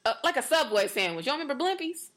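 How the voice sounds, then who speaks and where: A young American woman co-hosting a casual podcast tells animated stories, acting out quotes in varied voices and filling her speech with "like" and "you know." Her voice sits high and moves at a quick pace.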